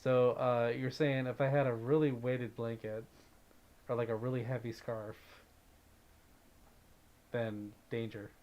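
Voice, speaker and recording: A man's voice: mid-range voice, little pitch movement, unhurried, long pauses, darkish tone, dull audio. Upbeat man chatting on a livestream. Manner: chatty and upbeat, greets viewers by name. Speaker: livestream host. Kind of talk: casual livestream chat, reading viewer comments.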